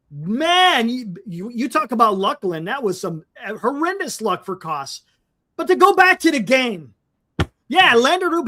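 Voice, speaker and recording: A man's voice: very high-pitched, bright, forceful tone. A man co-hosting a fan sports talk stream, ranting in frustration and often repeating words. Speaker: podcast co-host.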